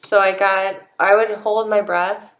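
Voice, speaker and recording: A woman with a Southern US accent chats casually as a podcast co-host, pitched in the middle range. She often trails off and starts her sentences over. The room is echoey. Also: flat delivery, highs cut off. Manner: halting, restarts sentences often. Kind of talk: casual chat.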